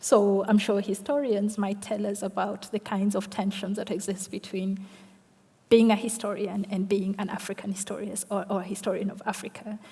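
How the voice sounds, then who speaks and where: A woman scholar giving an academic lecture response, measured, often tagging questions and repeating words as she thinks. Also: mid-range voice, little pitch movement, mellow, husky. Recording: long hall reverb.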